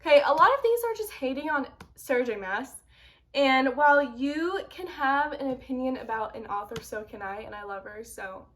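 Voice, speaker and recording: Brief: young woman, high voice, casual vlogger, expressive and dramatic. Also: normal speed, slight background noise. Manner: animated, dramatic outbursts of mock outrage. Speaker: book vlogger. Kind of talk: casual reaction vlog.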